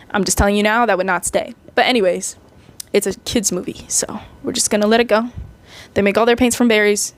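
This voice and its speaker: A woman in her twenties recapping a movie in a rambling, chatty way, full of fillers. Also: medium pitch. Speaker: vlogger.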